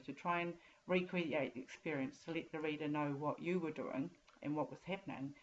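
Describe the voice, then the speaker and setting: A woman teaches writing in a plain, direct voice. Her pitch sits low for a woman. The recording is a little dull and muffled. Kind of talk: explaining writing advice to students.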